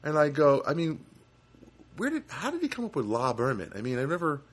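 Give me a sarcastic, rambling man with a lively voice. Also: a little high, fairly quick. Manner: rambling, sarcastic, many restarts. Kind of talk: comedic rant monologue.

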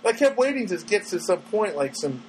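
A middle-aged man talks through his solo podcast in a loose, rambling, self-mocking way. His voice sits high for a man and swoops up and down with animated pitch. A faint hum of noise lies under the recording. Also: normal speed, rough recording. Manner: rambling, self-mocking, breaks into sung snatches. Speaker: podcast host.

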